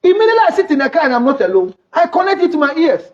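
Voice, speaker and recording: A middle-aged man with a Ghanaian accent, a counselor hosting an advice talk show, speaking loudly and teasingly with sudden shouts. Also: extremely high pitch, sing-song, very fast. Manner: loud, teasing, breaks into shouts and acted quotes. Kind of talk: animated advice talk mixing English and Twi. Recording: dull lo-fi recording.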